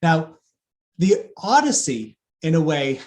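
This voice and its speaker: A man giving a lively public lecture on epic poetry, with fillers and asides to the audience. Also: fairly high pitch, slow pace. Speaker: classics lecturer.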